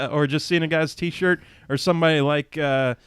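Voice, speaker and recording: A man's voice: a little high, steady tone, normal speed, fairly bright tone, smooth. A man who hosts a podcast, telling a rambling, folksy story and laughing often. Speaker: podcast host.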